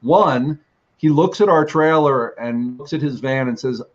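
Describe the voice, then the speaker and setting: A man's voice: mid-range voice, a little slow, muffled recording. A man telling a long personal testimony about his travels, rambling with restarts and fillers. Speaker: ministry teacher. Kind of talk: storytelling testimony.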